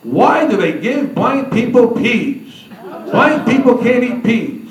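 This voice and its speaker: A man voicing a bossy, demanding older woman at a banquet, with a shrill, imperious tone. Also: sing-song, slow, noisy background, heavily acted. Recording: roomy hall, far from the mic.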